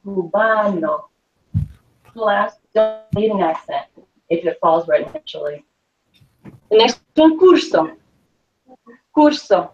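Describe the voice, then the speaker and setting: A woman teaching a Spanish class, slowly dictating words and spelling them out letter by letter, with patient repetition. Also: medium pitch, big pitch swings, darkish tone, soft background music. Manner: slow, patient, repeats each word and letter. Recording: distant, dull lo-fi classroom recording.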